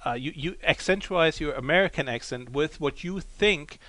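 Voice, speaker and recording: A man's voice: on the high side, normal speed, fairly bright tone, no room sound. Male co-host, teasing and amused, dry sound. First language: German. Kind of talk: casual chat.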